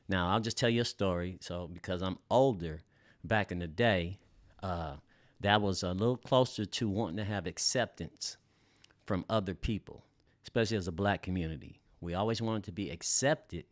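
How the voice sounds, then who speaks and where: A man with a deep, low voice hosts a relaxed podcast. He is middle-aged and from Los Angeles, and he talks in an easygoing, slangy way, full of fillers and casual swearing, as if chatting with friends. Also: moderate pace, dry recording, studio quality. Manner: laid-back and loose, heavy on fillers and slang, swears freely. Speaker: podcast host.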